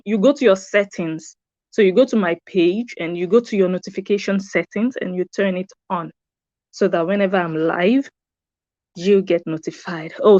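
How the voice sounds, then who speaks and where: A woman's voice: mid-range voice, darkish tone, no echo, dull audio. A woman hosting a live stream from a room upstairs at home, chatting casually and greeting her viewers by name. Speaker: YouTube host.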